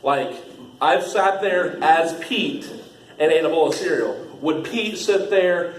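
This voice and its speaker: A young man who plays an actor on a haunt trail is casually training new staff, rambling, laughing a lot, and leaning on fillers. His voice is fairly high and animated, and he takes his time. The room is echoey with faint background noise.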